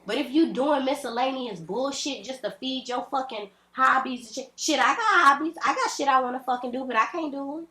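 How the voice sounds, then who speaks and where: A woman's voice: high voice, fairly quick, few pauses, sharp tone. A woman, speaking bluntly and profanely in a direct-to-camera vlog rant at home. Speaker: vlogger. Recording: echoey room.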